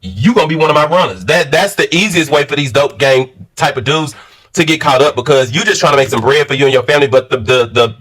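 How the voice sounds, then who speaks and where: A man reviewing a reality show in casual, animated commentary, full of slang and direct asides to viewers. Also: on the high side, low-quality recording. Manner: animated, slangy, addresses viewers as sis and baby.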